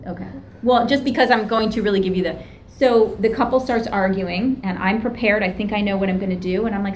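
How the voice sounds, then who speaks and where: A middle-aged woman recounts her early days as a therapist in a lively, animated way. She acts out the voices of the people she quotes and laughs often. A faint hiss sits under the recording. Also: mid-range voice, fairly quick, low-quality recording. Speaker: therapist and professor. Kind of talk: animated storytelling in an interview.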